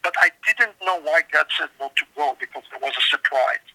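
A man's voice: fairly high pitch, expressive, brisk, creaky, pushed and bright. A man with a slightly scratchy voice, earnestly telling his story as an author interviewed on a show, stumbling and restarting as he goes. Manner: earnest, emphatic, with repeated restarts. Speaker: author and guest.

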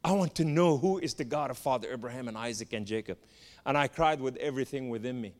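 A man giving an impassioned sermon testimony, swinging from loud cries to hushed tones. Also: mid-range voice, moderate pace. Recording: long reverb of a large hall.

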